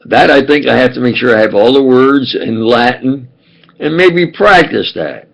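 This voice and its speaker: Older new york guy rambling to camera, gravelly voice, pitch jumping all over. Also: lively intonation, fairly bright tone, rough recording. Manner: halting, wandering, many fillers and restarts. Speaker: video blogger. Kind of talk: rambling monologue.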